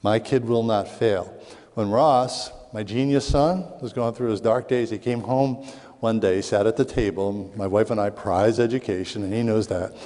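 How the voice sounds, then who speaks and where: A man's voice: fairly low pitch, normal speed. Middle-aged man telling stories in a hall. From Southwest Philadelphia. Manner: lively storytelling that acts out voices in quotes. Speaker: speaker on parenting. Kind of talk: storytelling talk to an audience. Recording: long hall reverb.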